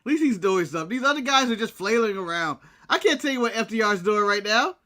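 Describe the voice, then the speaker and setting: A man's voice: high voice, animated, fast, sharp tone. An American man co-hosting a casual wrestling recap show, talking bluntly and laughing often. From United States. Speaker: podcast co-host.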